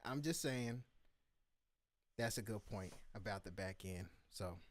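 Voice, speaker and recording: A man hosting a live beat review show, telling a story in casual chat and acting out the quotes with lively voices. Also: on the low side, unhurried, no echo.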